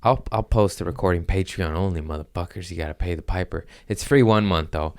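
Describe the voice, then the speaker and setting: A man's voice: low voice, brisk, clean tone, no room sound, studio quality. A man hosting a comedy podcast, telling profane stories in casual chat and acting out what people said. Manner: profane storytelling with acted-out quotes.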